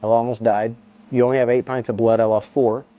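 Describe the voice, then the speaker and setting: A middle-aged man telling a story in a casual interview, animated and swearing, acting out the scene. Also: fairly quick, lo-fi sound. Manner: animated, swearing, acts out the scene with jumps in pitch. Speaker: interview guest.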